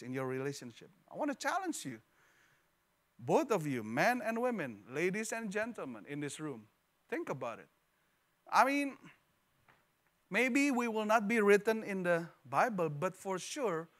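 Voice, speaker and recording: High-voiced animated male pastor preaching. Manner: animated, repeats words, jokes with congregation. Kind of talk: sermon. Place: church hall.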